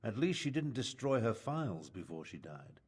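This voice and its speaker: An earnest, husky game ally. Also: male voice, lowish voice, sing-song, normal speed. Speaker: game character. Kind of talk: scripted game dialogue.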